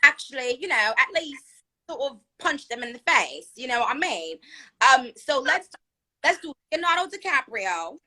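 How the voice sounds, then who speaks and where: A woman with a high voice and a New York accent hosts a live stream, speaking at normal speed. She's chatty and animated, using lots of fillers.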